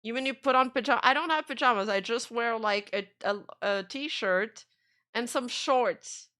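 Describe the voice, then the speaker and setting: A woman's voice: fairly high pitch, normal speed, pushed and bright. A woman streamer in casual chat, rambling and trailing off as she reacts to videos. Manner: chatty, rambling, trails off mid-sentence.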